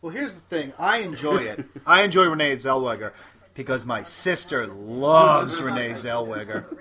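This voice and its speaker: A man chatting casually about movies, jokey and animated. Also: mid-range voice, moderate pace.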